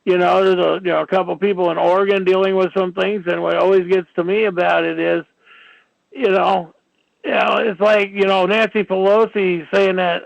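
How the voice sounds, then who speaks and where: A man with a high, gravelly voice rants his way through a rambling radio monologue, leaning on "you know" again and again. The sound is dry and close, with a dull, lo-fi radio quality. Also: flat delivery, normal speed, dry recording. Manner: ranting, filler-heavy, many "you know"s. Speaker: radio show host.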